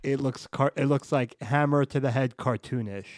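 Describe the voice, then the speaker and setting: A man of middling pitch chats casually as a podcast co-host, teasing his partner. He is recorded dry and close, with no room sound. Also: normal speed, dry recording. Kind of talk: casual chat.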